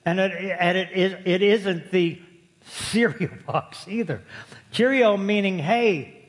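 A man's voice: sits high, takes it slowly. A man preaching a sermon to his congregation, folksy and storytelling, joking with the room. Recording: long hall reverb.

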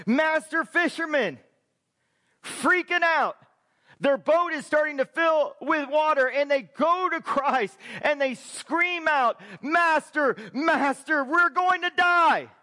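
Male pastor, very high voice, emphatic sermon delivery, rhetorical questions to the pews. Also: lively intonation, takes it slowly, pushed and bright. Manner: emphatic preaching, asks the congregation rhetorical questions. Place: church.

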